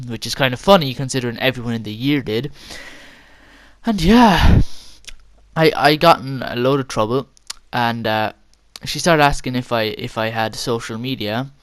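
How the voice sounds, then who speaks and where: A man's voice: medium pitch, a little fast. A teenage boy casually telling a story as a vlogger, rambling, stammering and swearing as he goes.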